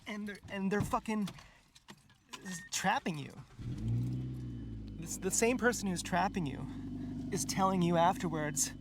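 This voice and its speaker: A man vlogs a rambling personal monologue, meandering stream-of-consciousness style with plenty of fillers and casual swearing. His high-pitched voice keeps a measured pace with frequent pauses, over a noisy background.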